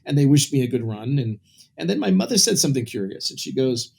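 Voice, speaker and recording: A man's voice: medium pitch, very animated, fast, creaky, darkish tone, breathy edge. Candid man telling a personal story. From Brooklyn, New York. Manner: candid, rambling, with frequent restarts and asides. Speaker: interview guest. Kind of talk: personal storytelling in a conversational interview.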